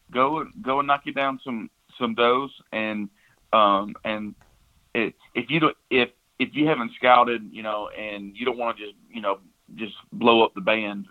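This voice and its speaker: A man, casually telling a hunting story, full of restarts and "you know"s. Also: medium pitch. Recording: tinny phone-like line.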